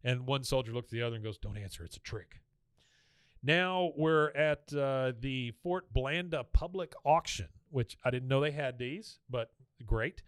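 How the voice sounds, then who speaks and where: A man co-hosting a casual podcast, walking through a cartoon episode scene by scene. His voice is smooth and clear, recorded close and dry. He acts out the characters' lines in quick voices and laughs along. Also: mid-range voice, no room sound. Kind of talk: casual chat, retelling scenes.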